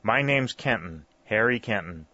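A man's voice: lowish voice, expressive, moderate pace, pushed and bright, no echo. A man reading voicing an earnest, polite young frontier man. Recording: dull, lo-fi dry recording.

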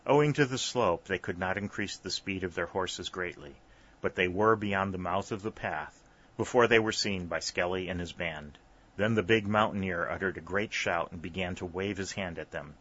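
A man narrating a story, with steady, even storytelling. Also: deep voice, moderate pace, husky. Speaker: audiobook narrator. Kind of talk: scripted narration. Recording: slightly dull, dry recording.

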